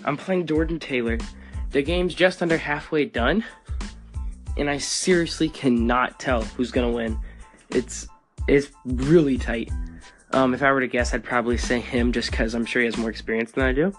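A young man vlogging, telling a story in an animated, laughing way and acting out the people in it. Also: mid-range voice, moderate pace, faint music behind. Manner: animated, laughing, acts out the people in his stories. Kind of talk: casual storytelling.

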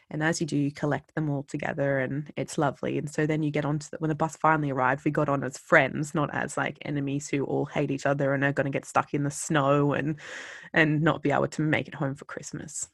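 Casual anecdote teller, rambling with fillers, creaky low edges, dead-dry sound. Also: no echo. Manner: chatty, with many fillers and restarts. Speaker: storyteller. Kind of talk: personal anecdote told casually.

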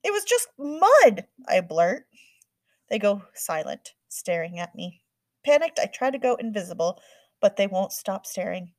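A woman narrating a first-person audiobook in a quick, earnest storytelling manner. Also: medium pitch, expressive, darkish tone, dry recording.

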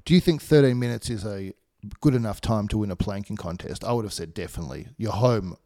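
A man, co-hosting a podcast and telling animated stories with laughs. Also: fast, dry recording, studio quality. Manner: animated, laughing storyteller, pitch jumps when excited. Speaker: podcast co-host. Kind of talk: casual chat, anecdote.

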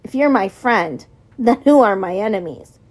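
A woman's voice: medium pitch, animated, normal speed, darkish tone, close to an everyday voice. A woman reading an audiobook, voicing a stubborn, defiant teenage boy held captive. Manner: defiant, pleading.

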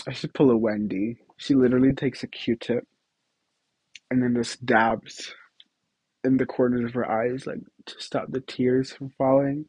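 A man's voice: medium pitch, darkish tone, husky, dry recording, poor audio. A young man hosting a podcast, chatting casually and giggling through rambling stories with lots of fillers. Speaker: podcast host. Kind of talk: casual solo podcast chat.

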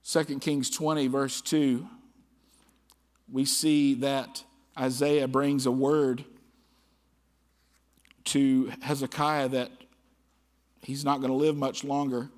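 A man's voice: medium pitch, level tone, slow pace, pauses often. A man preaching a sermon as pastor, reading scripture aloud with rising, impassioned emphasis. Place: church sanctuary. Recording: church hall with long reverb.

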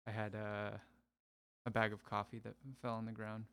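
A man's voice: lowish voice, completely flat delivery, normal speed, creaky, fairly bright tone, clear, resonant tone. A young man in graduate school, a podcast guest, talking casually in short, hesitant answers. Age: young adult. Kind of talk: casual chat.

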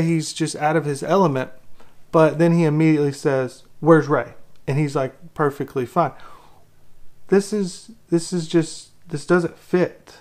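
A man's voice: fairly high pitch, darkish tone. A man giving an opinionated movie critique, exasperated and ranting, with lots of rhetorical questions. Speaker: film critic.

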